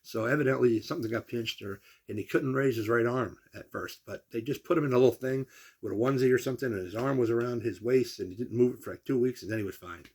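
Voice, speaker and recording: Talking fast in a medium pitch, a gravelly, husky older man spins casual family stories. His storytelling is animated and salty, and he performs the voices of those he quotes.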